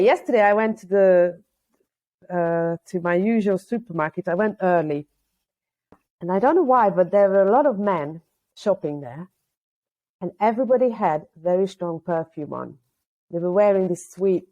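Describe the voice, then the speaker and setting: A woman who is not a native English speaker, chatting as a guest and telling stories with animated quotes. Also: medium pitch. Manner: lively storyteller, acts out quotes. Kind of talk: casual conversation on a video call.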